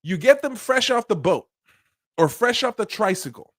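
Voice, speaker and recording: A commentary channel host with a notably high voice riffs at a moderate pace, animated and profane, often laughing. His voice is close and dry on the mic, with no echo or sense of a room around it.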